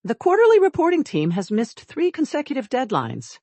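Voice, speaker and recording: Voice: high-pitched, wildly swooping pitch, normal speed, a little mellow, dry recording, pitched above the performer's own voice, exaggerated voice. A narrator voicing a cold, ruthless man, a billionaire CEO, in clipped, commanding lines in a storybook reading.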